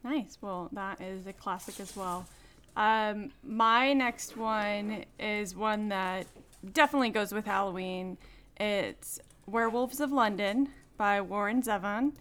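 A woman co-hosting a podcast, telling the story behind a song in a rambling, relaxed way. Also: medium pitch, slow pace. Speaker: podcast co-host. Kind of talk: casual chat about songs.

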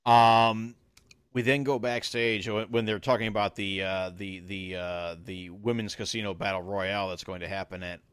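A man's voice: fairly low pitch, level tone, normal speed, a bit bright, smooth, dry recording, studio quality. A man co-hosting a casual podcast, recapping events with many ums and uhs. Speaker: podcast co-host.

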